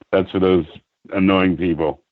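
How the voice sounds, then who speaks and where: A man's voice: low-pitched, fairly even intonation, slow, no echo. A man calling into a talk show, chatting casually in a joking, friendly way. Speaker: caller. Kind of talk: casual call-in chat. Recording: dull lo-fi call audio.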